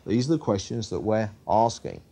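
A man's voice: lowish voice, expressive, normal speed, gravelly, warm tone. A man teaching a Bible study, reading scripture aloud and then explaining it conversationally, with frequent fillers and self-corrections. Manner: corrects himself on the fly, with frequent ums and uhs.

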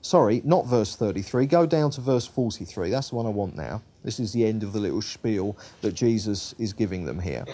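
In a fairly low, warm, slightly rough voice, a man teaches a Bible study, animated and brisk with few pauses. He reads scripture aloud and then talks it through conversationally, peppering it with ums and uhs and fixing his own wording mid-sentence.

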